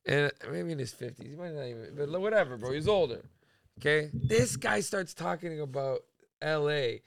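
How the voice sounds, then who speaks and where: A young man co-hosting a podcast, telling an animated, slangy story and saying "bro" a lot. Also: a little high, moderate pace, gravelly, no echo. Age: young adult. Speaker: podcast co-host. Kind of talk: casual chat.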